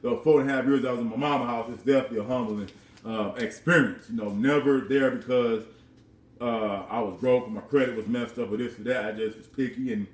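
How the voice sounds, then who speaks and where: A man's voice: mid-range voice, far from the mic, slight background noise. A man in his thirties casually telling a personal story at home, rambling and repeating words with frequent chuckles. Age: 30s. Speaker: vlogger. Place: his own house. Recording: roomy sound from off-mic.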